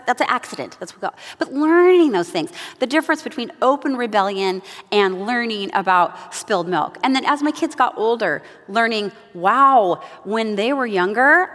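A middle-aged woman leading a moms' Bible study, sharing family stories in a chatty, animated way. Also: mid-range voice. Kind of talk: devotional teaching with personal stories. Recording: long reverb of a large room.

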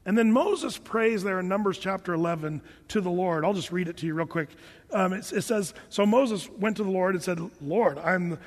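Animated male pastor, high-pitched, emphatic sermon delivery, long hall reverb. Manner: animated, emphatic, repeats words while thinking.

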